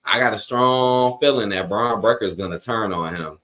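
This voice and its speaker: With a fairly low, pushed, bright voice at a moderate pace, this man runs a live watch-along stream. He reads viewer comments aloud and chats casually, speaking to his chat in blunt, slangy bursts full of opinion.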